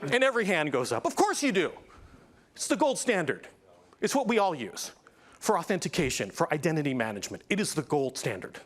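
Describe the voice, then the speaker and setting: A man delivering a conference tech talk with a showman's energy. His voice sits high and leaps widely in pitch. He swings from hyped build-ups back to plain explanation. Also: very animated, fairly quick. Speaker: conference presenter. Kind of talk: keynote-style tech presentation.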